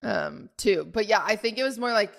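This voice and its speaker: A young woman co-hosting a podcast, telling a story in a rambling, animated way full of "like". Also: a little high, fast talker. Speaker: podcast co-host. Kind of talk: casual chat storytelling.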